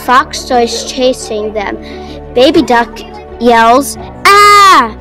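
A woman reading a homemade story aloud, halting and restarting, with music behind. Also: high-pitched.

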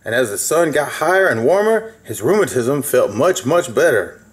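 A man's voice: mid-range voice, big pitch swings, moderate pace. A man reading a children's story aloud in a folksy way, with asides to the listener.

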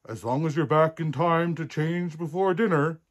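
A man's voice: a little high, normal speed, voice pushed up, lightly acted. A man voicing a stern older king who insists on promises.

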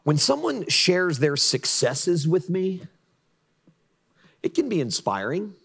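A middle-aged male pastor preaches in a church with a fairly high voice. He surges into pleading, near-shouted cries, then drops into quiet, intimate reflection. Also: very animated, slow pace, creaky, husky. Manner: impassioned, pleading bursts then hushed reflective lows. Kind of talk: sermon. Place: church sanctuary.

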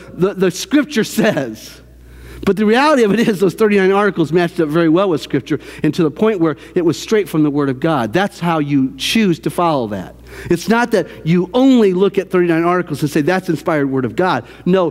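A man with a high-pitched voice preaches to his congregation, animated and repeating his key phrases for emphasis. His voice rings out with a long reverb across the church sanctuary. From American South. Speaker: pastor. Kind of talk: sermon.

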